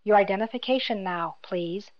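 A woman voices a cold, menacing male imperial officer, speaking in a quiet, clipped, mocking manner. Her voice is mid-range, close to her everyday voice, at a moderate pace, in a slightly dull lo-fi recording.

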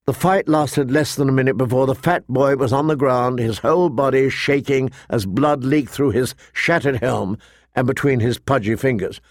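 A man narrating a fantasy novel in a measured storytelling manner, voicing the characters. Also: mid-range voice, dry recording, studio quality. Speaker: audiobook narrator. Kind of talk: scripted narration.

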